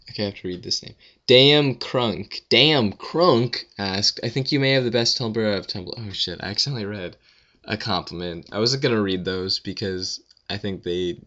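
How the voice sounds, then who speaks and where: Rambling young man, low gravelly voice. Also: sharp tone, muffled recording. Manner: rambling, self-mocking, filler-heavy with frequent "like". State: just woken up. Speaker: blogger answering questions. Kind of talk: casual rambling monologue.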